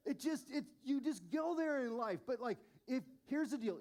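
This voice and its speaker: A man in his forties preaching a sermon as lead pastor, telling stories in an animated, self-mocking way. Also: very high-pitched, moderate pace, hardly any pauses.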